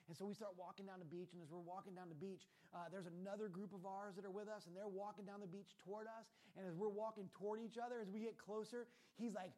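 Animated storytelling male pastor. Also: high-pitched, fairly quick. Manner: animated storytelling, swinging between soft asides and loud emphasis. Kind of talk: sermon.

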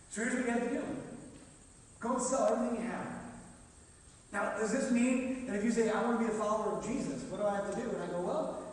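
A man preaching a sermon as a pastor, animated, acting out the dialogue and swinging between loud and quiet. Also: high voice, fast talker, a little hiss or hum. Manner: animated, acts out dialogue, rising and dropping volume. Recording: echoey hall, mic from far off.

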